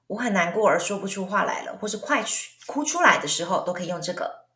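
A woman's voice: medium pitch, animated, fast, bright, forceful tone, reverberant. A woman teaching English phrases in a bilingual lesson, explaining them and reading parts aloud. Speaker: language teacher.

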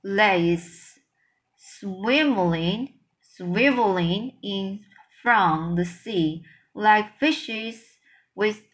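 Woman doing a kindly old giant, slow drawn-out words, muddled grammar, storybook read-aloud. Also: mid-range voice, fairly bright tone. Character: huge gentle male giant, old, kindly, mangled grammar. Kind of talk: reading a children's book aloud.

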